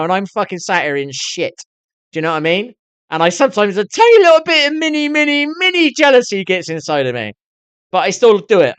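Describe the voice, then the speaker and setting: A man's voice: a little high, fairly bright tone, no room sound. A middle-aged man chatting to his viewers on a live stream, swearing constantly and rambling on in a candid way. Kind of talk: casual rambling chat to viewers.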